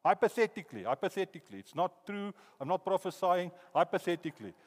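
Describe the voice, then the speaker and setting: South African preacher, animated storytelling. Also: male voice, high-pitched, a little fast. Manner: animated storytelling, hypothetical anecdotes. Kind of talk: sermon. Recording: long reverb in a hall.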